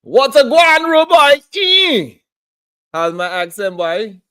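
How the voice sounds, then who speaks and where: A man doing a brash young Caribbean street youth, loud and high with a playful patois. The voice sits well above a normal speaking register and comes across as teasing and full of swagger. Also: sing-song, slow pace, clear, resonant tone, no room sound, studio quality, heavily acted. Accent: Caribbean (put on).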